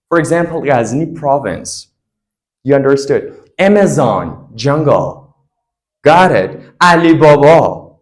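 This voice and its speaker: A man's voice: on the high side, rough recording. A man teaching an English grammar lesson, quizzing his students with repeated questions.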